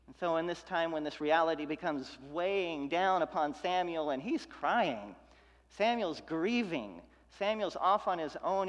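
A man preaching a sermon as pastor, building through repeated phrases and dropping to hushed, tender lines. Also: on the high side. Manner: preaching with rhythmic repetition and swings from loud to hushed. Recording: long hall reverb.

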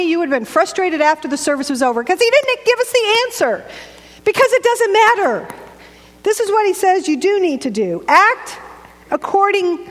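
A woman's voice: extremely high pitch, fairly bright tone. A middle-aged woman preacher giving a conversational, joking sermon in a church. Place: church sanctuary. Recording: echoey church hall.

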